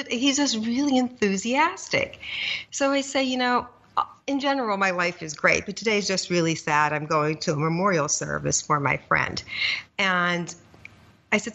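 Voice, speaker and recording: Bright, chatty woman podcast host. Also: lowish voice, dull audio. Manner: chatty, enthusiastic storyteller. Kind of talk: casual podcast interview.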